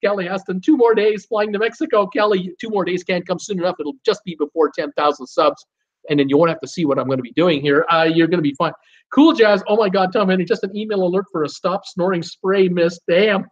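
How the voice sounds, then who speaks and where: A middle-aged man with a fairly high voice hosts a live stream, reading out viewer comments in a loose, jokey way. The audio is dull and lo-fi, like a home streaming setup. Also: fairly quick. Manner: chatty, jokey, reads comments aloud with bursts of laughter. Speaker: host of a live cruise show.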